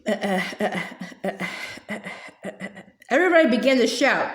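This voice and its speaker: A woman reads a children's novel aloud in a high, animated voice. She often stalls on drawn-out filler sounds and restarts words, and the recording sounds roomy and echoey. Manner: hesitant, with many filler sounds and stumbles. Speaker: storybook reader.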